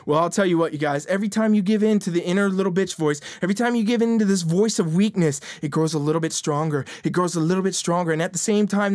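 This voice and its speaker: A man's voice: sits high, no echo, clean studio sound. A man hosting a motivational fitness podcast, with a blunt, profane, fired-up delivery that keeps repeating its points. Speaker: fitness coach and podcast host.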